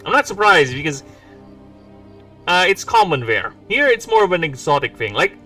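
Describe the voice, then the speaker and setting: A man's voice: on the high side, very animated, moderate pace, pushed and bright. Rambling, joking man streaming from afar. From Philippines. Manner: rambling, joking, self-mocking asides. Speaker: indie game developer streamer. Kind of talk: casual livestream chat, reading lore aloud. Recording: distant mic with background music.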